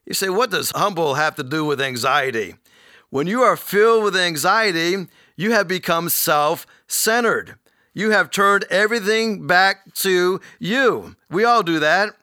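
A man preaching a sermon, earnestly teaching and quoting scripture, slowing down to stress key words. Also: sits high, bright, forceful tone, smooth, dry recording, clean studio sound. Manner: earnest, teaching, quotes scripture, slows for emphasis.

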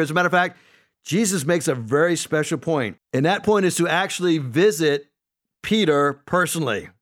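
High-voiced man preaching a sermon. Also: fairly bright tone. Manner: preaching, numbered points, acts out quoted speech. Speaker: pastor.

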